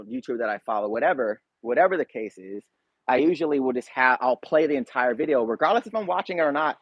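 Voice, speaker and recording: A man's voice: mid-range voice, no room sound, dull audio. A man hosting a casual livestream, chatting straight to viewers in a laid-back, slangy way. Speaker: YouTube reaction channel host.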